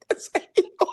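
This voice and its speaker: A man's voice: sits high, dry recording, studio quality. A man hosting a live boxing stream, joking and laughing through profane banter.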